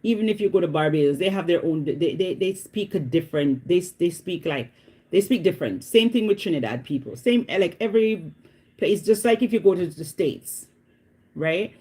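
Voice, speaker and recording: Mellow-voiced woman chatting casually. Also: fairly low pitch, lively intonation, moderate pace, slightly rough. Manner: chatty, repeats herself, often asks "you know what I mean". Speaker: vlogger. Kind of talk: casual chat to camera.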